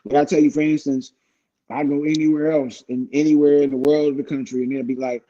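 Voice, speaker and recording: A man from Cleveland with a highish voice talks fast, telling profane stories in casual chat. An animated storyteller, he acts out the people he quotes, and the recording has a dull lo-fi sound.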